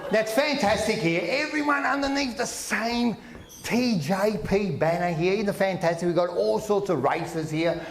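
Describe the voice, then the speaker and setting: A man doing brash stand-up comedy at a live function, teasing the crowd with loud outbursts. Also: sits high, a little hiss or hum. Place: function room with a live audience. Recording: echoey room with audience.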